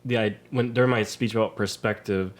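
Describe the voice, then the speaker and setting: A man's voice: fairly low pitch, fairly even intonation, fairly quick. A young man telling a long, rambling story as a podcast guest, scattering "like" through nearly every sentence. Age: young adult. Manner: rambling, heavy on "like" fillers. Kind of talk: casual storytelling.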